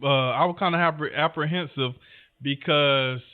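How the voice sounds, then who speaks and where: Male co-host, laid-back rambling talk, smooth voice, narrow tinny audio. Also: on the high side, a little slow. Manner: laid-back, rambling, talks straight to listeners. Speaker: podcast co-host. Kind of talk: casual conversation. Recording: phone-like narrow sound.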